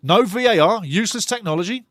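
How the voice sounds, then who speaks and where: A man's voice: sits high, lively intonation, fast talker, a bit bright, no room sound, studio quality. A man hosting a live football watchalong, talking passionately and ranting about refereeing calls in a chatty way. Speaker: watchalong host.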